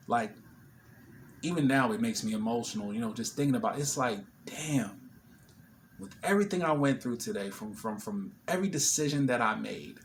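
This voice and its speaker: Speaking at a medium pitch over slight background noise, this vlogger shares something emotional in a relaxed way. He replays an exchange word for word, voicing each side of the dialogue.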